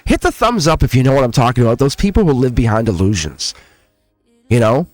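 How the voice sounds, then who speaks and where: A man with a mid-range voice hosts a tarot channel, speaking very animatedly and a little fast as he gives his viewers an earnest, emotional spiritual pep talk. He's near tears and keeps repeating himself. There's no echo, just soft music in the background.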